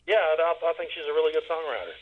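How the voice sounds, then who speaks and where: A man's voice: on the high side, expressive, rapid-fire, slight background noise. A man calling in to a radio show, speaking earnestly and emphatically about his views. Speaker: caller. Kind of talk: phone-in opinion rant. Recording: dull lo-fi line with faint music.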